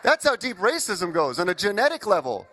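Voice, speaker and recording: A young man from Indiana performing an animated stand-up comedy set, riffing with the crowd. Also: high voice, a little fast, a little hiss or hum. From Indiana, USA.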